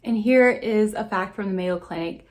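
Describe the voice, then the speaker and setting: A woman's voice: mid-range voice, normal speed. A young adult woman talking to camera in a casual vlog, earnest and supportive, speaking directly to her viewers. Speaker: vlogger sharing personal experience.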